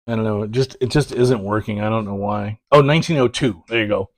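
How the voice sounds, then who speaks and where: A man's voice: on the low side, fairly even intonation, fast, a little mellow, no room sound. A man talking casually about prints as he opens packages, rambling and correcting himself with many fillers. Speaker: print collector vlogger. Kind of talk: casual package-opening chat.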